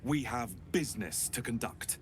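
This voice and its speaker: An actor voicing an imperious, impatient male character in a video game, with a commanding, drawn-out delivery. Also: medium pitch, a little hiss or hum, lightly acted.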